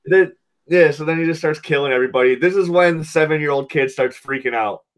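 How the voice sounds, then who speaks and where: A podcast host chatting casually about a movie, rambling excitedly and swearing a lot. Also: male voice, on the high side, fast. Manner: excited, profane, rambling recap.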